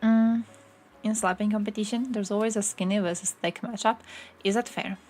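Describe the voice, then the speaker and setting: A woman's voice: mid-range voice, fairly even intonation, normal speed, a little mellow, soft background music. A young woman from Croatia chatting on a live stream, sarcastic and swearing freely as she reads things out from her screen. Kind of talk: casual live-stream chat.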